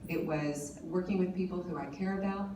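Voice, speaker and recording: A woman's voice: lowish voice, normal speed. A woman in her forties giving an earnest personal speech at a forum, talking with many fillers and restarts. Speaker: panel speaker. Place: large conference hall. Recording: distant mic in an echoey hall with noise.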